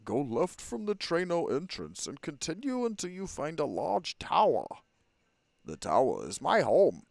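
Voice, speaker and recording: A man's voice: on the high side, wildly swooping pitch, a little slow, gravelly, a little mellow, dry recording, pitched above the performer's own voice, full character voice. A man doing a fussy nasal old scholar. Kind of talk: reading game dialogue aloud.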